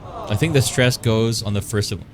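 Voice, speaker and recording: A man's voice: lowish voice, normal speed, background noise. A man streaming live, chatting playfully with his viewers and rambling while he draws. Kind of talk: casual live-stream chat while drawing.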